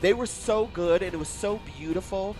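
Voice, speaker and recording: A man excitedly reviewing a movie in a casual, gushing way, swearing freely and acting out lines from the film. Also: high voice, moderate pace, music in the background.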